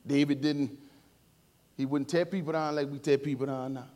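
During a church service, a man preaches with an informal, emotional style, moving between gentle quiet moments and loud appeals to the congregation, sprinkled with playful asides. His voice is on the high side, steady, and moderately paced.

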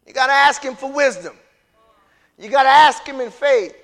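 A man preaching a passionate sermon, dropping to a hush and rising to shouts as he talks straight to his congregation with folksy asides. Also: extremely high pitch, normal speed. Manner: impassioned preaching, swinging from hushed to shouted. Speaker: pastor.

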